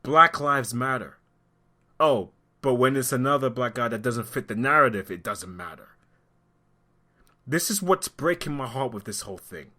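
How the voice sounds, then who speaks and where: A man giving impassioned opinion commentary in a vlog, heated and sarcastic, sometimes dropping low as he admits he is upset. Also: animated, normal speed, bright, forceful tone. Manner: heated, sarcastic, rising to indignant outbursts; talks through being upset, voice dropping low at times. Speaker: vlogger.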